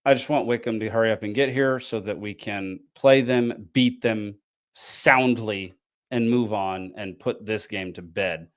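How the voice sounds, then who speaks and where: A man's voice: on the low side, a little slow. A tired man, hosting a casual podcast and recapping a frustrating match with lots of ums and restarts. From American South. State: tired, yawning. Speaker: podcast host.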